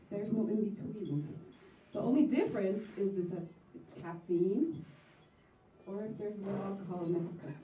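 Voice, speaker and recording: A woman's voice: medium pitch, warm tone, slight background noise. A young woman performing a stand-up comedy set, chatty and sarcastic, acting out the people in her stories. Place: comedy venue stage. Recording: distant roomy live recording, dull sound.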